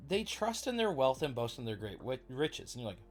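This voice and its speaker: Excitable man hosting a Bible livestream. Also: medium pitch, fairly quick. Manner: chatty, excitable, reacts to chat with outbursts. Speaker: livestream Bible study host. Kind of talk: casual livestream Bible teaching.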